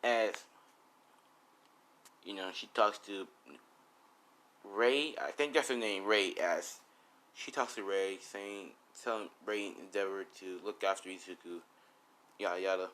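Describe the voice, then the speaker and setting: Low-voiced dude rambling thru a fan story, lots of "you know", swears here and there. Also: male voice, a little slow, long pauses, a bit bright. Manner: rambling, filler-heavy, swears casually. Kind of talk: casual improvised storytelling.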